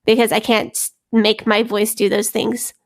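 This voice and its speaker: A young woman co-hosting a podcast in casual chat, relaxed and informal, quick to laugh. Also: mid-range voice. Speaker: podcast co-host.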